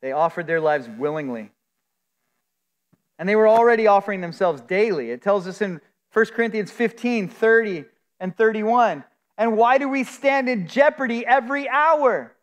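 Male pastor, high register, slow emphatic preaching, recorded in a reverberant sanctuary. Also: animated. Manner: earnest, emphatic preaching with drawn-out stresses. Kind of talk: sermon. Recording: long hall reverb.

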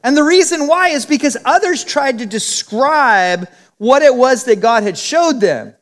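A man with a strikingly high voice preaches a verse-by-verse Bible teaching, chatty and animated, acting out the lines of the people he quotes. His pitch swings widely, and a long reverb from the hall trails every phrase. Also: a little slow. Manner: conversational, acts out quotes with shifting voices. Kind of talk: expository Bible teaching sermon.

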